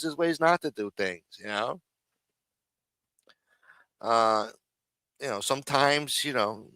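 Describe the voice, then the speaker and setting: Bright-voiced swearing male stream host. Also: medium pitch, clear, resonant tone, no room sound. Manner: rambling, swears often, repeats himself. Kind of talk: profane casual commentary on clips.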